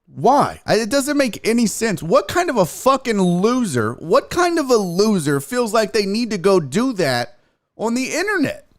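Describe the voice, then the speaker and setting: A man hosts a live sports stream and rants with profane exasperation. His voice sits high, and his pitch swings widely as he mocks people in a sing-song voice. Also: sing-song, normal speed. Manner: mocking sing-song impressions in quotes. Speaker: sports show host.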